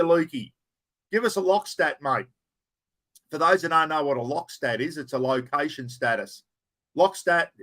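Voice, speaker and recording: A man's voice: on the high side, a bit bright. A middle-aged man with an Australian accent, hosting a casual live chat, greeting viewers by name and swearing in an easy way. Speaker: livestream host. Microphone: plugged-in microphone.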